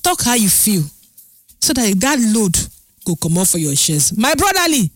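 A woman radio host with a Nigerian Pidgin accent, chatting on air in a lively, sing-song way that stretches her words. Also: medium pitch, moderate pace, dry recording. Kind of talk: Pidgin radio show chat. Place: radio studio.

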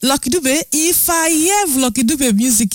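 A woman with a Nigerian accent hosting a casual radio show, chatty and animated, laughing often between her words. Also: high voice, normal speed, no echo. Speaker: radio host. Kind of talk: casual radio chat in Pidgin.

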